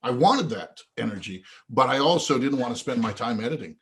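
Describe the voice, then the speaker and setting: A man guest on a podcast interview, telling an anecdote with lively acted-out dialogue. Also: mid-range voice, brisk. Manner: animated storyteller who acts out quoted dialogue. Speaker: guest, event organizer.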